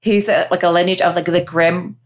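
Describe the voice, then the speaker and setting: A woman's voice: on the low side, flat delivery, brisk. Bubbly rambling young woman co-host. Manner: bubbly, rambling, lots of "like" and laughter. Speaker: podcast co-host. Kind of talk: casual chat.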